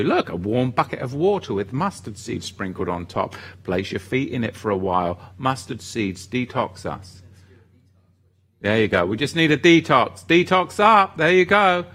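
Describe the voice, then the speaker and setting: A man's voice: mid-range voice, pushed and bright. A man hosting a ministry livestream, chatting casually and reading viewer comments aloud in an upbeat way.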